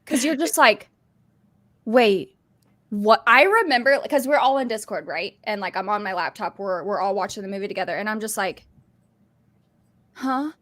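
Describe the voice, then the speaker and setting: A woman chatting excitedly on a podcast, gushing and filling her talk with "like". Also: mid-range voice, fast talker, hardly any pauses. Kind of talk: casual chat.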